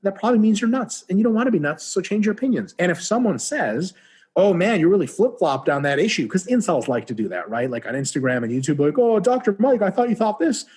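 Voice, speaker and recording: A man talking as a guest on a podcast in casual conversation, profane and animated, often acting out little dialogues. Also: on the high side, husky. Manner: profane, animated, acts out dialogue in quick voices.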